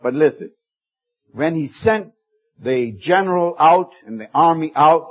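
A man preaching a sermon, telling stories in a folksy way, pushing up for emphasis and dropping soft for quoted words. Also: fairly high pitch, lively intonation, unhurried, dull audio. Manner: folksy storytelling with rising emphasis and hushed quoted lines.

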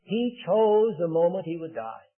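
An older man preaching a sermon in an earnest, emphatic way, building to loud declarations. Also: sits high, sing-song, a little slow. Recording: tinny phone-like band.

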